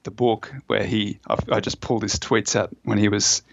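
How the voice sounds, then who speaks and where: A man's voice: fairly low pitch, little pitch movement, normal speed, creaky, muffled recording, a little hiss or hum. A man as a podcast guest, explaining at length and storytelling with fillers and restarts. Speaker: author and fund manager, guest. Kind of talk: conversational explanation in a podcast interview.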